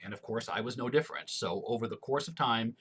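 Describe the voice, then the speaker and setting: A man from Missouri, a former radio announcer, talking casually through an accent tag in measured, clear announcer diction with a broadcast accent. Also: medium pitch, fairly bright tone. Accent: General American broadcast, Missouri roots. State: allergies, throat clearing.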